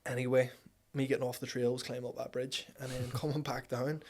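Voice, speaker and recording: A man in his twenties with a Northern Irish accent, a podcast guest telling a story in casual chat, animated and swearing freely. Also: mid-range voice, a little fast. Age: 20s.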